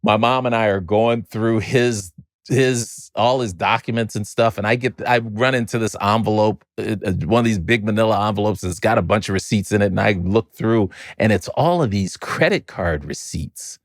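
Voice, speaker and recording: A middle-aged man from Chicago, a podcast guest, telling a family story in an animated way and often repeating words while he finds his next thought. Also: lowish voice, moderate pace, no room sound, clean studio sound. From Chicago, United States. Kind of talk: storytelling in a conversational interview.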